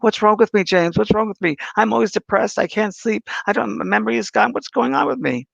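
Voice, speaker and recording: A man voicing a distraught, tearful woman who pleads for help in an anxious, high voice. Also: a little fast, vocal fry, fairly bright tone, slightly rough, dry recording, heavily acted. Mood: pleading, distressed. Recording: dull lo-fi dry sound.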